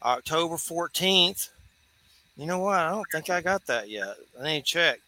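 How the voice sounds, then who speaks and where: A man's voice: on the high side, lively intonation, moderate pace, sharp tone, slight background noise. A man, hosting a radio talk show in a loose, rambling way with easy laughs. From Georgia, US. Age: 40s. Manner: loose and chatty, laughs easily, rambling asides.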